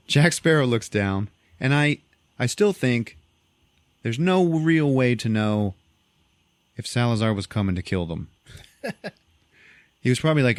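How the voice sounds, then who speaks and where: Animated, low-voiced man recapping a movie. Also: a little slow, long pauses, no echo. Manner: animated, profane storytelling with frequent laughs. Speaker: podcast host.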